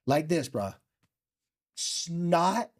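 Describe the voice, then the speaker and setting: A man and former football player telling a personal story in an animated, heartfelt way. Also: on the high side. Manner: animated, heartfelt, fast bursts. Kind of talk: emotional storytelling.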